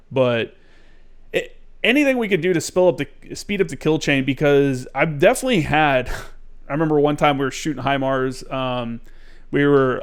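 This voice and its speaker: A man hosting a podcast, telling stories in an animated, casual way and swearing freely. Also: mid-range voice, clear, resonant tone. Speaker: podcast host. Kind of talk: casual conversation.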